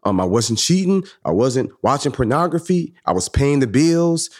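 A man talking in a casual podcast conversation, animated, working through sports comparisons and often checking in with the listener. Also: mid-range voice, moderate pace. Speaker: podcast co-host.

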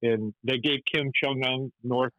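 A man's voice: medium pitch, steady tone, a little slow, sharp tone, no room sound, poor audio. A man telling stories as an interview guest, rambling with many restarts and fillers. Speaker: animator and musician guest. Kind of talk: storytelling interview.

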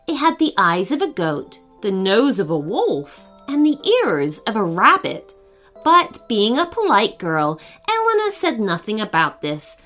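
A woman narrating a children's story in a gentle, expressive reading voice. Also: on the high side.

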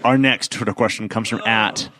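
A man's voice: fairly low pitch, fairly even intonation, normal speed, pushed and bright. A young man hosting a casual podcast, joking around and reading listener questions aloud to his friends. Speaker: podcast host.

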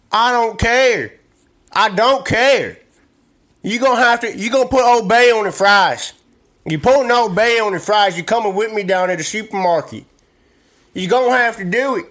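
A man's voice: high-pitched, fairly bright tone, pitched above the performer's own voice. A man voicing a rowdy, stubborn country dad in an American country accent, drawling and bossy.

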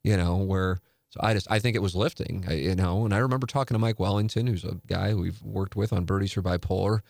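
A man's voice: deep voice, quick pace, vocal fry, darkish tone, no echo, studio quality. A man in his forties hosting a casual talk show, rambling and restarting sentences with candid, profane asides. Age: 40s. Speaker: podcast host. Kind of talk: casual chat.

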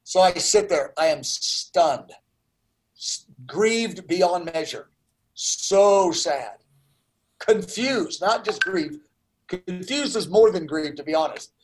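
A man's voice: high voice, lively intonation, slow, a little hiss or hum, poor audio. A man in his sixties telling a personal story as an interview guest, earnest and full of restarts. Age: 60s.

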